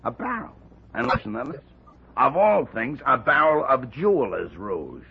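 An actor playing a friendly, chatty man in an old radio drama, with a gravelly, raspy voice. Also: medium pitch, big pitch swings, normal speed, dull audio, heavily acted.

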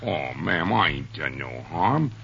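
Hotheaded tough with a gun, gravelly gruff slang, muffled old radio sound. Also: male voice, very deep voice, sing-song, takes it slowly, fairly bright tone, a little hiss or hum, full character voice. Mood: pleading. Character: hot-headed tough young man with a gun. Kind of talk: 1930s radio comedy acting.

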